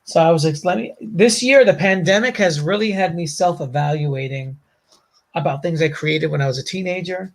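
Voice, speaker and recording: A man with a Bronx New York accent talks through his old comic work in a loose, rambling way. His voice sits a little high for a man and carries a gravelly edge. He keeps circling back with fillers and asides. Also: normal speed. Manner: rambling, animated storytelling with frequent fillers and laughs. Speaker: comic creator guest. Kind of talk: casual chat.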